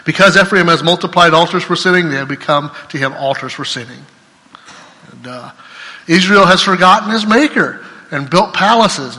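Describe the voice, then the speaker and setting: Male preacher, somewhat high and bright, reads scripture then expounds, big swells and hushed tails, long hall reverb. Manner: swings between loud declarations and soft trailing endings. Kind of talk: sermon with scripture reading.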